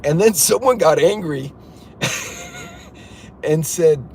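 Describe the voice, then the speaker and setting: A middle-aged man hosting a casual livestream from a car, telling a story in an animated, incredulous way. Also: a little high, takes it slowly, pauses often, a little hiss or hum. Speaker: livestream host.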